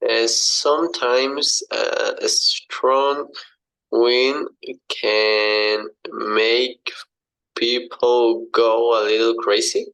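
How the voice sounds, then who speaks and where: A man answering in an English class, hesitant and halting as he reads and rewrites sentences. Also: medium pitch, steady tone, fairly bright tone, poor audio. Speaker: language student.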